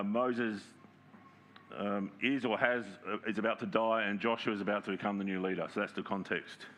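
A man preaching a sermon in a conversational way, often checking in with the congregation and reading scripture aloud slowly with emphasis. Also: medium pitch, fairly bright tone. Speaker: pastor.

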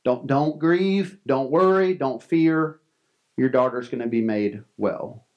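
A man's voice: mid-range voice, takes it slowly, muffled recording. A male pastor preaching a sermon in an earnest, conversational way, often restarting his words. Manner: earnest, conversational, frequent restarts and soft laughs.

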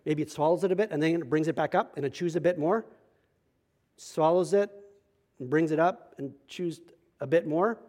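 A young adult male pastor preaching a sermon, telling a personal story and swinging from hushed asides to loud emphatic passages. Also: on the high side, normal speed.

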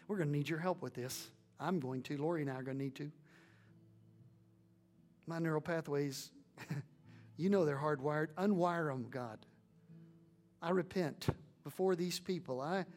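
A man's voice: on the high side, a little mellow. A man preaching a sermon with emphatic delivery and many rhetorical questions, then leading a prayer.

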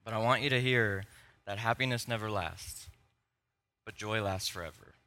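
A young man preaching a sermon, telling personal stories in a conversational, animated way. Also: on the low side, normal speed. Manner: storytelling, animated and conversational, with laughs. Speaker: pastor.

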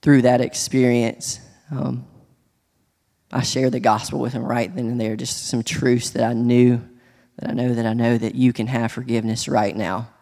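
A man sharing a personal testimony in church, speaking earnestly and haltingly, with many restarts. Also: medium pitch, little pitch movement, vocal fry, darkish tone. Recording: long hall reverb.

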